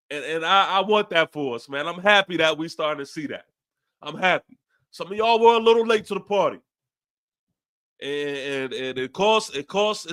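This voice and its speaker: Hosting a podcast, a young New Yorker delivers a fan's post-game rant in a voice that sits a bit high and a bit bright. He drives his points home through repetition and swears casually along the way.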